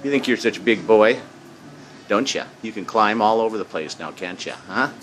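A man filming his pet parrot at home on a handheld phone, switching between high sing-song baby talk to the bird and low asides. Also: moderate pace, a bit bright, slight background noise. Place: home indoors.

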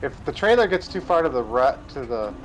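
A man playing a truck game with a friend, calmly giving driving advice. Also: medium pitch, a little fast, a little hiss or hum, rough recording. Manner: calm and helpful, giving driving tips. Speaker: co-op gaming partner. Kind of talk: casual gameplay chat.

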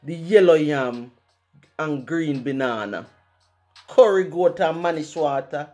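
Jamaican poet doing a slow rhyming piece, mid pitch, soft music behind. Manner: rhythmic, rhyming delivery with patois phrasing. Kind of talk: reciting a rhyming poem.

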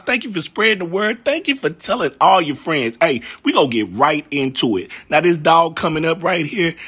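A man hosting an animal comedy show, chatty and playful, breaking into song. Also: a little high. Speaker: comedy voice-over host. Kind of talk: casual comic commentary.

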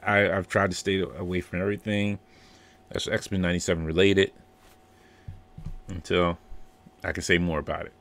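Male co-host, lower pitch, easygoing, laughs a lot, casual banter. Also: level tone, moderate pace, long pauses, a bit bright. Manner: laid-back, laughs often, acts out scenes. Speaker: podcast co-host. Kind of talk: casual rewatch commentary.

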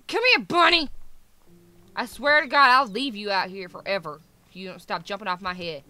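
A young woman giving excitable, chatty commentary while playing a game, squealing and talking to the animals. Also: a little high. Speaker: gaming YouTuber. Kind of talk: casual gameplay commentary.

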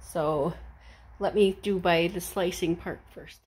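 A woman's voice: lowish voice, fairly even intonation, takes it slowly, darkish tone, husky. A woman chatting casually through a home vlog from her kitchen, talking her way through household chores and cooking with fillers and asides. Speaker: vlogger.

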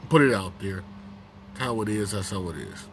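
A man's voice: low-pitched, lively intonation, normal speed, a little hiss or hum. A man hosting his own casual commentary vlog on a break at work, talking bluntly and repeating his points for emphasis.

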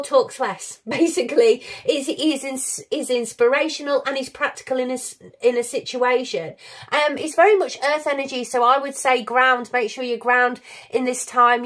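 A woman giving a tarot reading to her viewers, effusive, encouraging and openly emotional. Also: high-pitched. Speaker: tarot reader.

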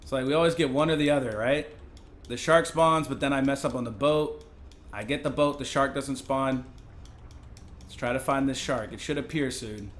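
A young man giving live gameplay commentary as a streamer, excitable, breaking into yells and laughs. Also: medium pitch, moderate pace. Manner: excitable, yelling and laughing in bursts. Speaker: gaming streamer.

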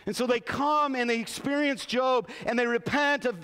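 A man's voice: very high-pitched, normal speed, a bit bright, clear, resonant tone. A middle-aged man preaching a sermon as pastor, earnest, often restarting his phrases. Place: large church sanctuary. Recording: long reverb of a church hall.

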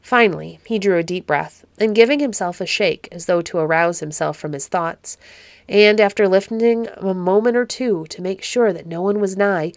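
A woman reading a classic storybook aloud as narrator, measured and expressive. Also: medium pitch, no echo.

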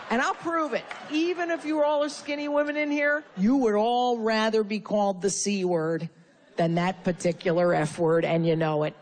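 A woman's voice: fairly low pitch, a little mellow. A woman from Connecticut doing a stand-up comedy set, brash and profane with punchy insult jokes. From Connecticut, USA. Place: live comedy venue with audience.

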